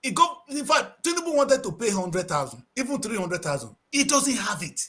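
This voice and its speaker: High, animated Nigerian man ranting. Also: moderate pace, few pauses. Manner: passionate, preachy, mixes in Pidgin English. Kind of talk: impassioned talk-show commentary.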